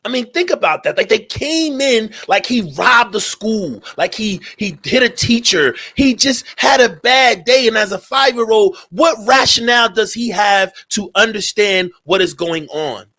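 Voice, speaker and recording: A man's voice: high-pitched, lively intonation, unhurried, few pauses, bright, forceful tone. A man hosting a talk radio show, speaking in a heated, profane commentary and repeating his points.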